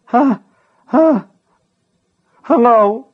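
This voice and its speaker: A man's voice: sits high, animated, brisk, dull audio, voice pushed up. A man putting on a shrieking frightened boy. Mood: panicked.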